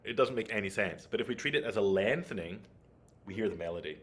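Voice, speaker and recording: A man's voice: fairly low pitch, animated, quick pace, fairly bright tone, faint music behind. A man giving an online flute masterclass, explaining technique and checking in with his listeners as he goes. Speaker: flute teacher.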